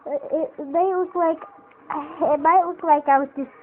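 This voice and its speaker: A woman's voice: high-pitched, steady tone, a little slow. A woman talking casually and playfully, poking fun at herself while showing a homemade puppet. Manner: playful, self-mocking. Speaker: puppet maker. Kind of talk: casual homemade craft video. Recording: tinny phone-like audio, faint noise.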